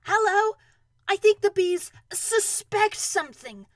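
Earnest slow-witted teddy bear as a woman reads him, high and bright, loud, dry close sound, storybook. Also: lively intonation, dry recording. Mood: eager. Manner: earnest and ponderous, with hesitant restarts. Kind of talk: storybook reading.

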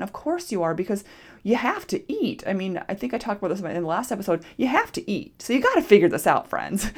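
A woman's voice: lowish voice, a little mellow. A woman podcast host and nutrition coach talking casually and expressively, acting out quoted self-talk. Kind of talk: solo podcast monologue.

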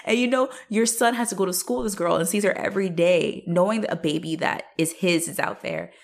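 A young woman co-hosting a podcast, recapping a show in casual chat, animated and profane, laughing as she acts out the characters. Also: on the low side, a little fast, gravelly. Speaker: podcast co-host.

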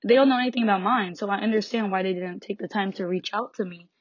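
A teenage girl rants about her school day, frustrated and sarcastic, swearing freely and laughing in between. Her voice sits at a middling pitch. The recording is a bit muffled and dry, with no room sound. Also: fast, breathy edge, no echo. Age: teens. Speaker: high school student. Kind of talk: venting rant to camera.

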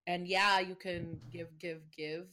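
A woman's voice: lowish voice, level tone, takes it slowly, bright, forceful tone. A young woman co-hosting a casual podcast, teasing and thoughtful in turn. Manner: teasing, thoughtful, laughs often. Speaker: podcast co-host.

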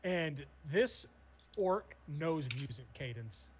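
A man's voice: a little high, expressive, slow, a little hiss or hum. A man narrating as game master, casual and full of fillers. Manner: loose, filler-heavy narration.

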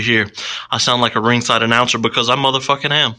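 A young man co-hosting a casual gaming podcast, loud and hyped, swearing freely and breaking into song. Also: mid-range voice, fairly even intonation, fast talker. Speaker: podcast co-host.

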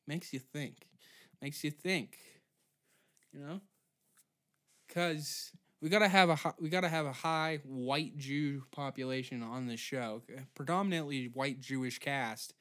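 A man's voice: medium pitch, fairly bright tone. A man in his twenties hosting a solo comedy podcast, ranting sarcastically and swearing often. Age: 20s. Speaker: podcast host.

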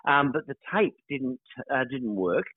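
An older Australian actor giving a casual interview, measured and hesitant, with many fillers and restarts. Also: male voice, medium pitch, very animated, dry recording. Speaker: guest actor. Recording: dry tinny phone-line sound.

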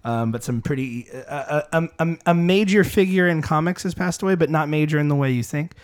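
A man's voice: a little high, fairly quick, smooth. Rambling man hosting a podcast. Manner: rambling, many fillers and restarts. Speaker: podcast host. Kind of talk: casual podcast chat.

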